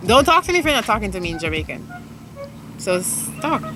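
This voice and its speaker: A woman's voice: mid-range voice, big pitch swings, quick pace, sharp tone, faint music behind. A woman hosting a casual vlog with her little sister, teasing her and laughing often. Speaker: vlog host, older sister. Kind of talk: casual chat.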